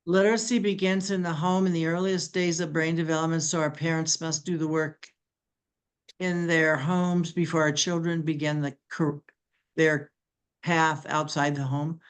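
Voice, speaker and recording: A moderator with a smooth, resonant voice at a middle pitch reads chat comments aloud over a video call. The reading is halting, with muttered asides between comments. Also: little pitch movement.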